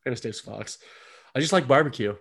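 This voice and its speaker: A man's voice: medium pitch, a little fast, vocal fry, a bit bright, breathy edge. A man co-hosting a casual podcast chat, joking around and laughing often. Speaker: podcast co-host.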